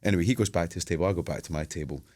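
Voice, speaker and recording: A man's voice: deep voice, very fast, darkish tone, dry recording, clean studio sound. A man, a podcast co-host telling a long story in casual chat, swearing freely and acting out everyone he quotes.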